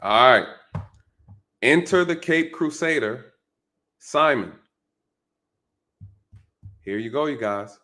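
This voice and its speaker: A man's voice: medium pitch, expressive, takes it slowly, pauses often, pushed and bright. A man commenting on a news clip for his viewers, talking casually and emphatically, often asking rhetorical questions and checking in with "right?".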